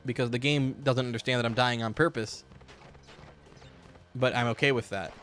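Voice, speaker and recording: A man's voice: medium pitch, fairly even intonation, moderate pace, a bit bright, faint music behind. A man giving casual, rambling commentary while streaming a game, joking and swearing freely, in a hot room at home.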